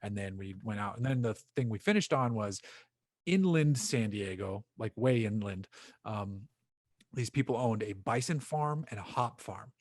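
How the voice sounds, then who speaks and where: A man's voice: on the low side, lively intonation, normal speed, no echo, clean studio sound. A man on a podcast as a guest, telling long casual anecdotes with plenty of swearing and laughter. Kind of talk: casual storytelling chat.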